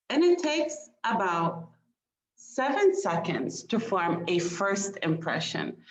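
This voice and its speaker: Speaking in a mid-range voice, this woman is a communication expert leading a webinar; she poses questions to the audience and laughs a little along the way. Sound quality is dull and lo-fi, with noticeable room echo.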